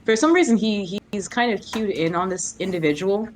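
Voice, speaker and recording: A woman's voice: medium pitch, moderate pace. A woman casually describing her character's actions in a tabletop game, hedging with "kind of" as she talks. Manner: casual and hesitant, full of "kind of". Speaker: player.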